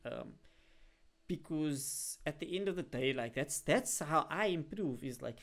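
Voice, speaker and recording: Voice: mid-range voice, moderate pace. A young adult streamer, chatting casually to a live audience in a rambling way, full of fillers. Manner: animated bursts when greeting viewers. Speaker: live streamer talking to chat.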